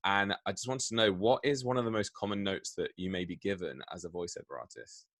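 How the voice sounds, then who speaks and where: A man hosting a short interview, friendly and brisk in how he talks. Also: low-pitched, fairly bright tone, dry recording, clean studio sound. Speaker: host.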